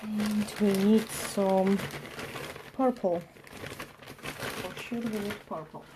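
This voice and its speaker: A woman's voice: mid-range voice, steady tone, slow, heavy background noise. A woman nail artist chatting on a live tutorial stream, narrating as she tidies her desk, with non-native phrasing. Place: home work desk.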